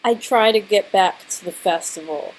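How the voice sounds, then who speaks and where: Young woman, sore throat, chatty dramatic vlog storytelling, mid pitch. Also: normal speed, rough recording. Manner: chatty and dramatic, heavy use of "like". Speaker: vlogger. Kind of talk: casual storytelling to camera.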